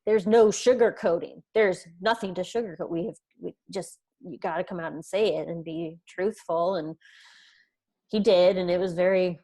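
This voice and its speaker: Woman, 30s, interview guest, earnest personal storyteller, slightly low-pitched. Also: steady tone, normal speed, mellow. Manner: earnest, retells events with quoted dialogue. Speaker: podcast guest.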